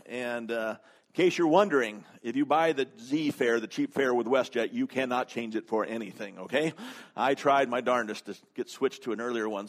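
A man preaching a sermon, telling a story conversationally, with humor and frequent fillers. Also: medium pitch. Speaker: pastor.

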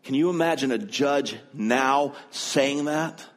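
A middle-aged male pastor delivers a sermon, weaving a personal story into his teaching. He speaks in an earnest, conversational way at an ordinary pitch for a man, like someone talking to a congregation he knows. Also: slow pace.

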